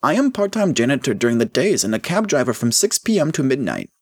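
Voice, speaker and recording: A man's voice: mid-range voice, sing-song, fast talker, breathy edge, no echo, clean studio sound, voice pushed up. A man voicing a nervous male cab driver who gives short, deferential answers as a witness.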